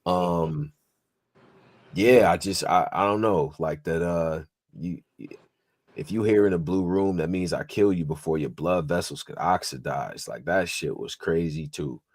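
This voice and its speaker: A man's voice: sits low, a little slow, no echo, studio quality. A man co-hosting a casual podcast, animatedly recapping a rap battle and quoting lines. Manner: animated, repeats phrases, quotes bars. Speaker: podcast co-host.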